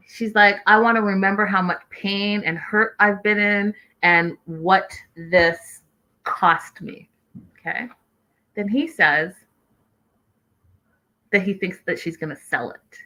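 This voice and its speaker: A woman hosting a show, recapping episodes in an animated, exclaiming way and acting out what people said. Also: medium pitch, a little slow, pauses often. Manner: expressive, exclaiming, acting out quotes. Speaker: podcast host recapping a reality show.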